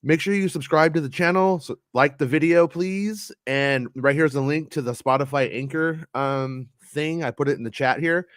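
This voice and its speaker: A man's voice: fairly high pitch, normal speed, hardly any pauses, no room sound, clean studio sound. A man hosting a podcast in a loose, chatty way, trailing into fillers and restarting his sentences. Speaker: podcast host. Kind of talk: casual podcast chat.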